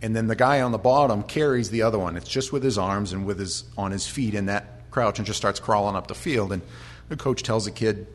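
An American man preaching a conversational Bible sermon, chatty with restarts, sometimes building to loud, impassioned storytelling. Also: on the low side, a little fast. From United States. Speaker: pastor.

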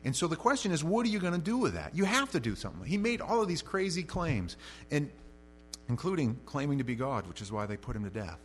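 A man's voice: big pitch swings, fast talker, slight background noise. Man preaching with emphatic, swinging delivery. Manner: emphatic preaching with sharp swings in loudness and pitch; conversational asides between scripture quotes. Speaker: pastor. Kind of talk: expository sermon.

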